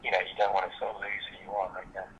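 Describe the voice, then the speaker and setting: A man's voice: sits low, little pitch movement, very fast, a bit bright, dull audio, a little hiss or hum. A British man in his late twenties, answering interview questions in a casual, hesitant way with many fillers and restarts. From Britain. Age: late 20s.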